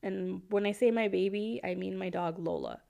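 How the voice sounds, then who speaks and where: Woman podcast host, giggly, casual, chatty with listeners, mid-pitched voice. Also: moderate pace, creaky. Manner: giggly, laughs often between sentences; chatty, warm asides to listeners with fillers. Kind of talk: casual chat.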